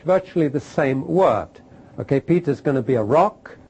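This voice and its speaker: A man's voice: medium pitch, expressive, normal speed, a little mellow, breathy edge, low-quality recording. A man teaching a Bible lesson to a group, reading verses aloud and pressing points with rhetorical questions. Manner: emphatic, rhetorical questions, reads scripture aloud. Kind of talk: sermon-style Bible teaching.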